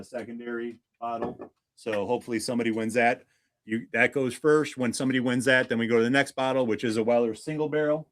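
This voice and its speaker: A man's voice: mid-range voice, fairly bright tone, no echo. A man hosting a casual livestream, chatty and greeting viewers one by one. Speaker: livestream host.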